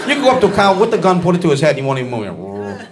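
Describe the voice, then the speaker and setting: A man doing a stand-up comedy routine on a club stage, ranting, shouting punchlines and bantering with the crowd. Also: fairly high pitch, wildly swooping pitch, very fast, noisy background. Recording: live club with loud audience laughter. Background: crowd laughing.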